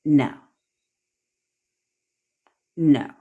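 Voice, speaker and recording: A woman's voice: very slow, mellow, highs cut off. A young woman coaching on manifestation in a livestream rant, blunt and profane, acting out pleading and smug inner voices.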